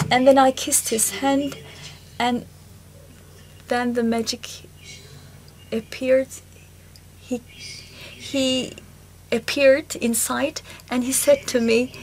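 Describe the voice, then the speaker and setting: Woman, high voice, unhurried, halting first-person recollection, faint hiss behind. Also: little pitch movement, a little mellow. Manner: slow, halting storytelling with pauses. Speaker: symposium speaker. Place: concert hall.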